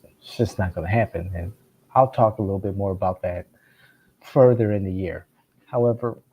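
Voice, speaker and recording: A man's voice: lowish voice, lo-fi sound. A man giving casual political commentary, sarcastic, often stammering over restarts and laughing between phrases.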